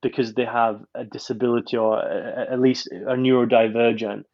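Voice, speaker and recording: A man's voice: mid-range voice, flat delivery, fairly quick, lo-fi sound. A man reviewing a film on a podcast in casual chat, rambling with many restarts.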